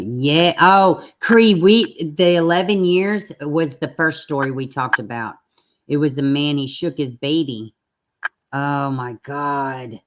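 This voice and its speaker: A woman hosting a casual true-crime live stream, talking bluntly and chattily straight to her viewers and swearing now and then. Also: sits low.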